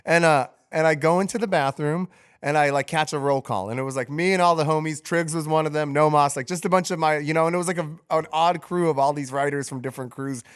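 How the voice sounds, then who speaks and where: Animated man telling a profane story. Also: on the high side, fast talker, smooth. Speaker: podcast co-host telling a story. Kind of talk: casual storytelling.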